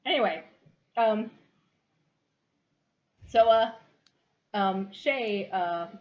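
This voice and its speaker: A woman's voice: mid-range voice, very slow. A woman narrating as game master of a tabletop game, giggly and rambling with many fillers, on a dull lo-fi recording.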